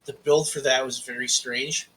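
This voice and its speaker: A man co-hosting a podcast in casual chat, swearing freely and telling animated stories with acted-out quotes. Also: mid-range voice, normal speed, a little hiss or hum. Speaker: podcast co-host.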